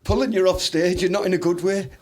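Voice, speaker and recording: High-voiced man. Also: fairly even intonation, fast talker. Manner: laughing, blunt and rambling. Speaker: podcast co-host. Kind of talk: casual banter.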